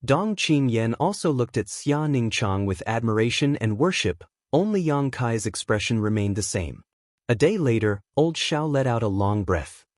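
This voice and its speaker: A man narrating a fantasy audiobook in an even, steady reading. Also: mid-range voice, moderate pace, dry recording, studio quality. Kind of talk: scripted narration.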